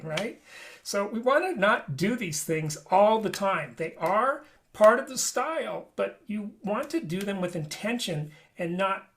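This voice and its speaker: In a flute lesson given as a webinar, a man demonstrates and explains playing habits, talking conversationally and often checking in with "right?". His voice is high-pitched and a bit bright.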